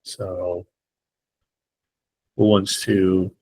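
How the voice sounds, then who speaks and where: A man's voice: deep voice, little pitch movement, extremely slow, darkish tone, slightly rough. A man teaching an online English class, playful and encouraging, joking with his students.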